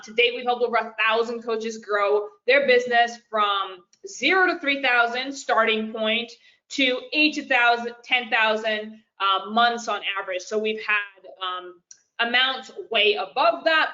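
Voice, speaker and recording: Her voice sits on the high side, bright and forceful, as this woman business coach leads a live webinar. She talks casually and directly to "you guys" with frequent fillers, and the webinar audio is lo-fi.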